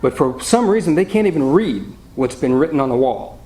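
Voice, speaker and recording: A man's voice: a little high, expressive, brisk, dark tone. A man teaching a Bible study in a jovial, anecdotal way, reading and explaining verses. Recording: roomy room echo, faint noise.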